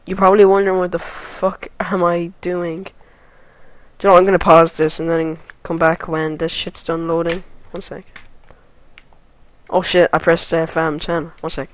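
Excitable swearing woman yelling at a game. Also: on the low side, moderate pace, poor audio. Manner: excitable, swears a lot, loud sudden yelps and shouts. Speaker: let's play gamer. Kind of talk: gameplay commentary.

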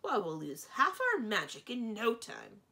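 A woman voicing a brisk, insistent female dragon in a storybook reading. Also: medium pitch, huge pitch swings, gravelly, sharp tone, voice pushed up, full character voice.

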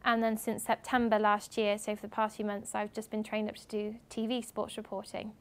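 A young woman from England giving a lively talk to students at a university as a guest speaker, acting out what other people said as she tells her stories. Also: mid-range voice, a little fast. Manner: animated storytelling, acting out others' lines. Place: university lecture room.

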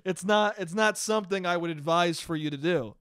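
High-pitched and brisk, the man's voice is clear and resonant, captured in an echo-free studio. He runs a casual solo podcast, ranting animatedly, laughing frequently, and swearing without restraint.

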